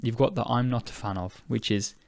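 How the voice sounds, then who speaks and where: A man's voice: medium pitch, brisk, gravelly, a little mellow, no room sound. A young British man hosting an English-learning podcast, casual and self-correcting, sounding tired. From United Kingdom. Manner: chatty, self-correcting, laughs at himself. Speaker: podcast host and English teacher.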